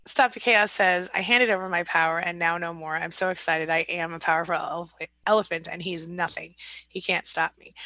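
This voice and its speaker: A woman hosts a casual live stream, reading out viewer comments and answering them with encouragement. Her voice sits a little low but comes across bright and forceful. The sound is close and dry, with almost no room in it. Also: steady tone, brisk, creaky, dry recording, low-quality recording. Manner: chatty and supportive, reads comments aloud then responds. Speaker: live-stream host and recovery coach.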